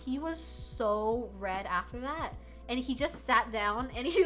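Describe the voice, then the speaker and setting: A young adult woman streaming, telling a story in a casual, animated chat full of filler words. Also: sits high, moderate pace, faint music behind.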